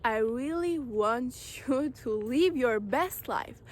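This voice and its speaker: Woman, high voice, unhurried; earnest self-help vlogger talking straight to camera. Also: animated. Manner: earnest, direct, repeats phrases for emphasis. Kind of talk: motivational talk to camera.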